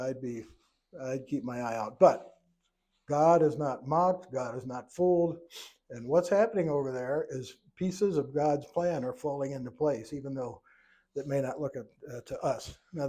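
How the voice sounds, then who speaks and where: A man's voice: medium pitch, warm tone. A middle-aged man teaching a church Bible study lesson, folksy, with chuckling asides and restarts.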